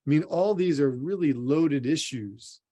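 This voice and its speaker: A man's voice: fairly high pitch, measured pace, mellow. A man, a sports psychologist, giving an earnest motivational conference talk and speaking straight to the listener. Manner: earnest, direct, addresses the listener as "you". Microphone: recorded for an online symposium.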